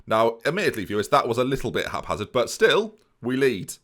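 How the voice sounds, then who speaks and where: Man, gaming commentary, lively swooping pitch, excitable, mock-boastful. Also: brisk. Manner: excitable, keeps addressing viewers, mock-boastful. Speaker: gaming YouTuber. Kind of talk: let's play commentary.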